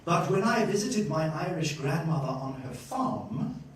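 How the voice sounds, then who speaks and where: A man giving a lively master-class lecture at a journalism school, playful and questioning his audience. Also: fairly high pitch, a little slow, a little hiss or hum. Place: university lecture hall. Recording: echoey hall, distant mic, faint ambience.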